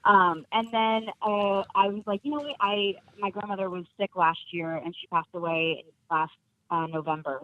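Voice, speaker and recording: A woman's voice: lowish voice, little pitch movement, moderate pace. A woman, an actress guest on a podcast, chatting casually and laughing often, with lots of fillers. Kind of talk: casual chat. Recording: narrow phone-like sound.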